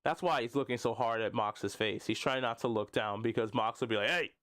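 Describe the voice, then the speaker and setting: A man's voice: medium pitch, fairly quick, a bit bright. A man hosting a live stream, talking casually about wrestling with plenty of jokes and laughter. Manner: jokey, laughing often, drops into silly voices. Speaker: wrestling podcast host.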